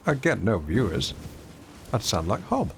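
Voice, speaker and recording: A man's voice: fairly low pitch, big pitch swings, measured pace, gravelly, slight background noise. A man giving chatty, self-mocking commentary while streaming a video game to his viewers. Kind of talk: casual gameplay commentary.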